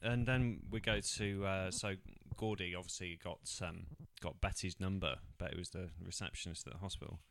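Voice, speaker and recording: Low-voiced man recapping a film. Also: fairly even intonation, gravelly, fairly bright tone, slight background noise. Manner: retells scenes with quick put-on voices and laughs. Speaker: podcast co-host. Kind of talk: casual film recap chat.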